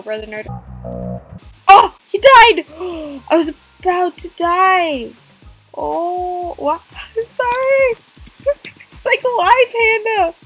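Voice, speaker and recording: Female gamer, high voice, gaspy and jokey, easygoing pace. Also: slow, faint music behind. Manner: excitable, gasping, jokey. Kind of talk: playful game commentary.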